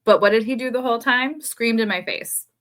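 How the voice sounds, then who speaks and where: A woman in her thirties co-hosting a podcast, telling a story in casual chat in an animated way, laughing as she goes. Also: on the high side, a little fast. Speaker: podcast co-host.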